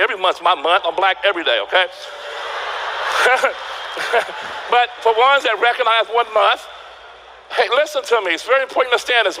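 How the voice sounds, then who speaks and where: Male motivational speaker, very high bright voice, animated storyteller who shouts the punchlines. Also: rough recording. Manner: animated storytelling, acting out quotes; loud exclamations. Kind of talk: motivational seminar speech.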